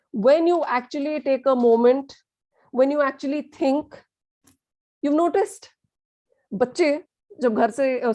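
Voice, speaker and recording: A woman's voice: fairly high pitch, dark tone. A woman leading a communication workshop, emphatic and repetitive, asking the class questions and slipping into Hindi phrases. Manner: emphatic, repeats words, asks the class questions. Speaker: workshop trainer.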